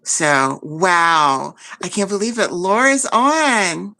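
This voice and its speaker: A woman's voice: lowish voice, slow pace, sharp tone. A woman hosting a casual livestream chat, gushing and effusive, often repeating herself. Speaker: livestream host.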